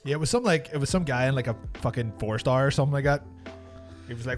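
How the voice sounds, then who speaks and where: A man's voice: medium pitch, fast talker, soft background music. A young man with a Northern Irish accent, co-hosting a casual streamed chat with crude, joking banter. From Northern Ireland. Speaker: podcast co-host.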